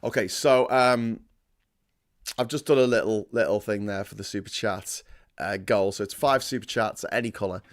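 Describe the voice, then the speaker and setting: A man's voice: fairly low pitch, moderate pace. A man hosting a casual livestream, rambling and self-deprecating, full of fillers and restarts. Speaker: host.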